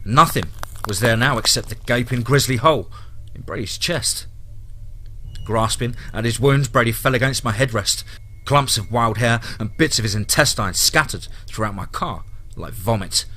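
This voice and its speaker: Guy reading a scary campfire story, bright clear voice, grim and dramatic. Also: mid-range voice, normal speed. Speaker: horror story narrator. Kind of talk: scripted horror narration.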